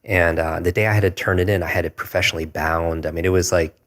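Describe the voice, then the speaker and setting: A man's voice: deep voice, steady tone, fast talker, a bit bright. A man in his forties, a podcast guest, earnestly telling a personal story, reflective and hesitant with restarts. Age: 40s.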